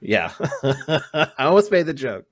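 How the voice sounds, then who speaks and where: A man hosting a podcast in casual chat, halting and laughing often. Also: mid-range voice, big pitch swings, slight background noise. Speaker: podcast host.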